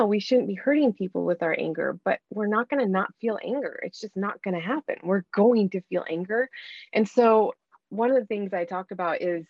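A woman's voice: mid-range voice, no room sound, dull audio. A woman giving earnest, coaching advice in a conversational talk, often acting out what to say to yourself.

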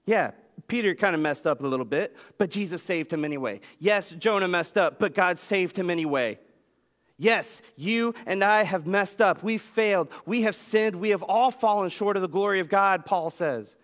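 A man preaching a sermon as pastor, telling a story with lively swings in pitch. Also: moderate pace. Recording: long reverb of a large hall.

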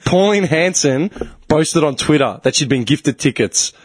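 A young man hosting a casual podcast chat, an animated storyteller who swears freely. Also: fairly high pitch, measured pace, husky, dry recording. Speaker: podcast host.

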